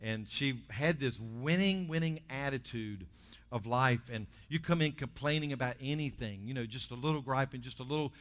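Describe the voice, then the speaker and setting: A man preaching to his congregation. He swings from loud, lifted bursts down to quiet, low asides. His voice sits at an ordinary middle pitch. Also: normal speed. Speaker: pastor. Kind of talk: sermon.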